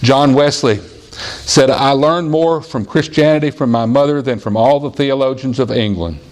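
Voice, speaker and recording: A male pastor preaching a sermon in plain, earnest words, telling stories and sometimes quoting a small child in a high voice. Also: moderate pace, a little mellow. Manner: jumps to a high child's voice when quoting a boy. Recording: audio-only church sermon recording.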